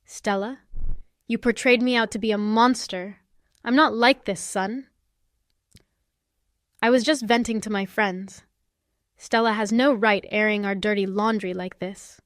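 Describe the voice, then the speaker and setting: An older mother-in-law protests and pleads in a storybook-style tale, as a woman narrator puts her on. Her voice is smooth and clear, recorded dry and close. She sounds indignant and defensive. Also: medium pitch, fairly even intonation, unhurried, pauses often, no room sound, natural voice. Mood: pleading.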